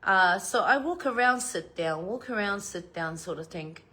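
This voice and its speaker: A woman's voice: mid-range voice, lively intonation, normal speed, a bit bright. A middle-aged woman with an Australian accent, telling a home story to her viewers in a chatty way and swearing freely. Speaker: vlogger.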